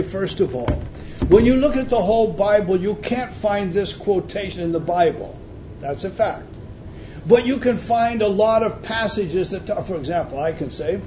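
A man's voice: high-pitched, a little hiss or hum. Emphatic male preacher, muffled recording. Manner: emphatic, teaching, swings from loud to quiet. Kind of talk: sermon.

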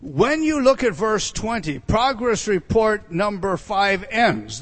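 A male pastor preaching a sermon, animated and emphatic, with frequent asides to the congregation. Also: high-pitched, unhurried, hardly any pauses.

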